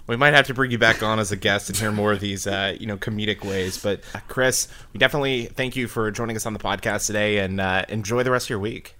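A man's voice: on the low side, fairly even intonation, fast, few pauses, bright, forceful tone, a little hiss or hum. A man hosting a podcast, interviewing a guest with eager, effusive praise. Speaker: podcast host.

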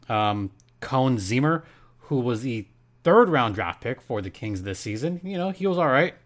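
Man, podcast host, goofy and animated, pitch jumping around. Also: moderate pace. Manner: playful and jokey, reads ad in hype voice. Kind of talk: casual sports podcast talk.

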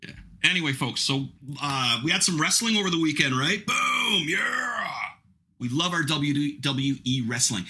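A man's voice: medium pitch, sharp tone, slightly rough. A middle-aged man hosting a podcast, chatting casually in a rambling, self-mocking way. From Canada. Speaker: podcast host. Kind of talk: casual chat.

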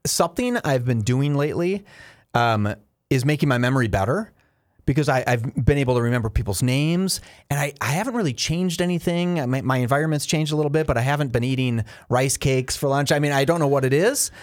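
A man co-hosting a radio show, chatting casually and telling lively stories, acting out the quotes in them. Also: medium pitch, a little fast, no echo, clean studio sound. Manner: animated storyteller, acts out quotes. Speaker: radio co-host.

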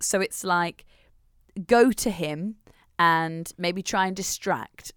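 A woman's voice: on the low side, slow pace, fairly bright tone, clear, resonant tone, no room sound, clean studio sound. A woman in her thirties co-hosting a podcast, talking through parenting in a thoughtful, self-questioning way. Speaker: podcast co-host. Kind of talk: casual chat.

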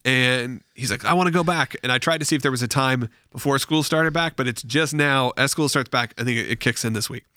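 A man who has school-age kids, hosting a podcast, chatting casually and reading sponsor ads in an animated, jokey way. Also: medium pitch, fast talker, hardly any pauses, no room sound, studio quality. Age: adult with school-age children. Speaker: podcast host. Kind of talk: casual chat and host-read ad.

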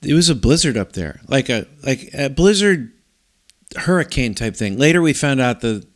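A middle-aged man telling a long story in casual talk, rambling and animated, with many restarts. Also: medium pitch, normal speed.

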